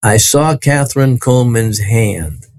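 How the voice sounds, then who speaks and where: Animated storytelling man, dry close sound. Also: mid-range voice, measured pace, dry recording. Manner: animated storyteller, acts out quoted voices. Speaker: guest telling his testimony. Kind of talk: personal storytelling in conversation.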